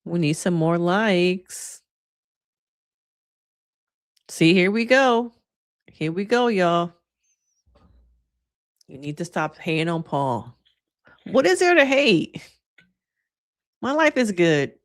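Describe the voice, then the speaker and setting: A woman who is a licensed therapist giving casual reaction commentary to her viewers, chatty and animated, often acting out what others said. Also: on the low side, takes it slowly, long pauses. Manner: chatty and animated, addresses viewers as y'all, acts out quotes.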